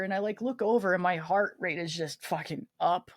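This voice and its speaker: A woman's voice: lowish voice, brisk, hardly any pauses, no room sound, clean studio sound. A woman guest recounting a personal story in a casual interview, acting out the quoted dialogue and swearing freely. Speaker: guest, army veteran.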